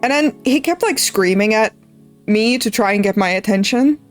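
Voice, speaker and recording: A woman's voice: fairly high pitch, animated, moderate pace, soft background music. A young woman streamer from the Netherlands, casually rambling through a story while drawing, swearing freely. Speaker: art streamer.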